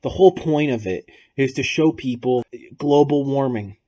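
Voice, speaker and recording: A man hosting a podcast, telling a long, improvised story in a rambling, deadpan way over casual chat. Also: medium pitch, normal speed, muffled recording. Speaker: podcast host.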